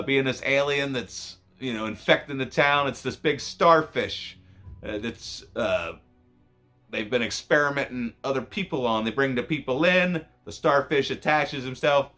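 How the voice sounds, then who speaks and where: A man giving a casual, rambling movie review, swearing often and cutting himself off mid-thought. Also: pushed and bright. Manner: profane, rambling, self-interrupting; voice jumps high when emotional.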